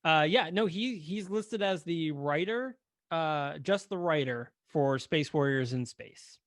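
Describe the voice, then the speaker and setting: A man's voice: on the high side, slow, fairly bright tone, dry recording, studio quality. A man co-hosting a casual film podcast, rambling and joking with lots of fillers. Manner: rambling, jokey, many fillers. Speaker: podcast co-host.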